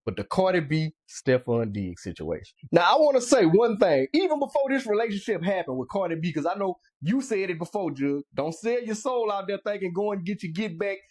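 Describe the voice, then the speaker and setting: A man from Louisiana hosting a talk show, animated and emphatic in casual chat. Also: high-pitched. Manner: animated, emphatic, quick interjections.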